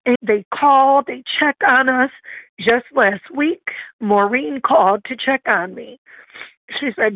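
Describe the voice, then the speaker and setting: A woman's voice: on the high side, a little slow, no echo. A woman guest in a podcast interview, heartfelt, grateful and emotional, over a dull lo-fi remote line. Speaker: interview guest, kidney donor.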